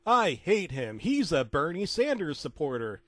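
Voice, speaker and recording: A man voicing a grumpy middle-aged hunter who talks in a flat, weary grumble. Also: on the high side, a little slow, no echo, pitched above the performer's own voice, heavily acted. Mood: grumbling.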